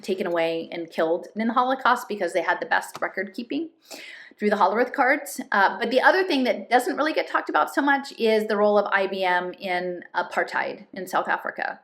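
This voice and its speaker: A woman reading a novel aloud and pausing for thoughtful, measured commentary. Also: medium pitch, fairly bright tone. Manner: thoughtful, measured asides with fillers. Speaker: reader and commentator.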